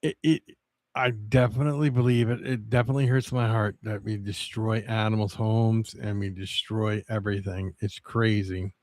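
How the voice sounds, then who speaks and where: A man livestreaming, chatting casually with viewers in a rambling, halting way with many restarts. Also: fairly low pitch, fairly even intonation, a little mellow, no echo, studio quality.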